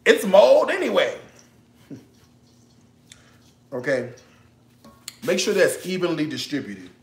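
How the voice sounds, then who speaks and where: Chatty, lively-pitched man in an echoey kitchen. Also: takes it slowly, gravelly. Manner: chatty, joking, bursts of laughter. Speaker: cooking show host. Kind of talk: casual cooking livestream.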